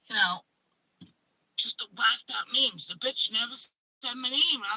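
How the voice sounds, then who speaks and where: Woman ranting casual and blunt, lots of swearing, bright husky voice. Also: fairly high pitch, normal speed, no room sound, rough recording. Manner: blunt, swears freely, emphatic. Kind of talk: casual chat.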